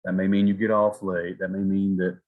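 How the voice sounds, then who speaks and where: A man from South Georgia, lecturing an EMT class in a folksy, animated way. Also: deep voice, brisk, phone-quality sound. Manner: folksy, animated, acts out patient exchanges. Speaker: EMS instructor.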